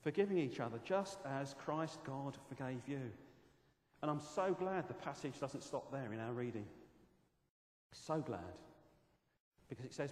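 A man preaching a sermon, expressive and animated, telling stories with self-aware asides. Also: mid-range voice, moderate pace. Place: church hall. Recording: echoey hall from a distance.

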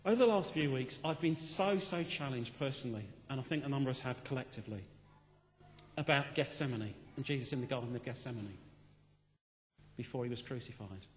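A man's voice: mid-range voice, a little fast. Man preaching a sermon in a reverberant hall. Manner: impassioned, rising to loud rhetorical questions then dropping quiet.

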